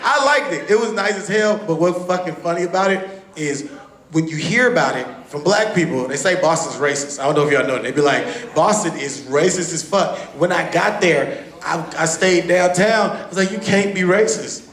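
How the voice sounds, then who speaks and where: A man from Texas doing a stand-up comedy set on a club stage, talking loud and animated, swearing a lot and acting out what people said. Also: high-pitched, normal speed. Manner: loud, animated, profane, acts out quotes. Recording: roomy club recording.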